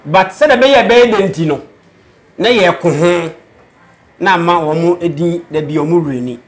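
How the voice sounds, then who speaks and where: A man with a Ghanaian accent being interviewed about music, talking in an animated way and mixing English into his speech. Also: fairly high pitch, normal speed. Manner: animated, mixes English into Twi, slips into Patois-style phrases. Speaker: interviewee, aspiring rapper. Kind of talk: casual interview chat.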